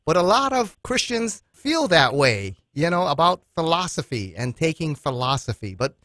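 A man's voice: fairly high pitch, big pitch swings, normal speed, a bit bright, dry recording. Earnest male radio host, dry studio. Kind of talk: hosting a radio interview.

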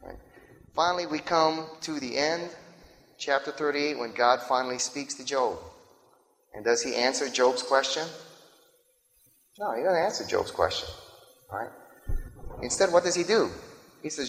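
A man preaching a sermon in a casual, talky way, pausing to ask his listeners "right?" as he goes. His voice sits at an ordinary pitch. It rings out with a long reverb, as if in a large hall. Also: a bit bright. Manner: conversational preaching, frequent "right?" asides. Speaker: pastor.

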